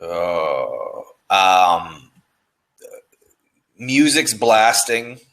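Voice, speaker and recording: In a rough recording, a man being interviewed about copywriting speaks very slowly in a deep, slightly bright voice with vocal fry. He's very animated, and his casual talk is loose, profane and restless, with frequent restarts.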